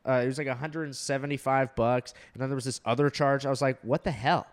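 A man's voice: mid-range voice, fast talker. Swearing young man telling a story. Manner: animated storytelling, heavy swearing, many fillers. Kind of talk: casual chat.

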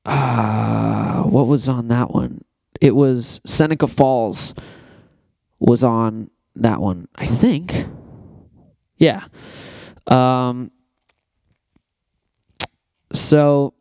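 A young man chats loosely on his music podcast, wandering between thoughts with fillers and casual swearing. His voice is smooth and resonant, sitting at an ordinary pitch. The close mic leaves it dry, with no room sound. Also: dark tone, no room sound. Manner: rambling, profane, loose with fillers. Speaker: podcast host.

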